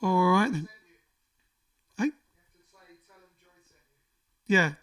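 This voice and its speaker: Bright-voiced man hosting from afar. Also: high-pitched, extremely slow, pauses often. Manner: rambling, reads out viewer comments with asides. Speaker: band frontman and livestream host. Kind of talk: casual livestream chat between songs. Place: living room. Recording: voice a little far from the mic, faint music behind.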